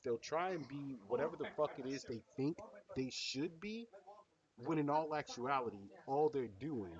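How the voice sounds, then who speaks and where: A man's voice: mid-range voice, recorded from a distance, lo-fi sound. A man hosting a reaction video, talking bluntly and heatedly with lots of swearing. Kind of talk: casual reaction commentary.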